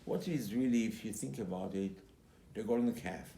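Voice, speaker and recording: A man who is a rabbi, giving a Torah class as an animated storyteller who acts out quotes and repeats his key points. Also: on the low side, normal speed, gravelly. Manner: emphatic, repeats key phrases. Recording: roomy recording with faint background noise.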